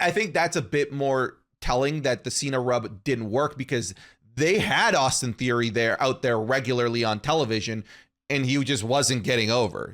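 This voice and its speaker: A man with a mid-range, fairly bright voice co-hosts a casual wrestling podcast. His takes are rambling and opinionated, with frequent restarts.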